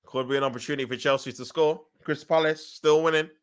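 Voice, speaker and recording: A man giving excitable, emotional live commentary on a football match, groaning and shouting at the action in slangy talk. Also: on the high side, fast, smooth. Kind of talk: excitable fan watch-along commentary.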